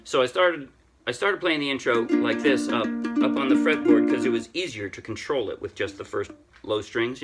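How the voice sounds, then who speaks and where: An older man casually teaching a ukulele song, chatty and self-deprecating, thinking out loud with frequent restarts. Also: medium pitch. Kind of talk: casual music tutorial. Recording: ukulele playing loudly throughout. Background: ukulele playing.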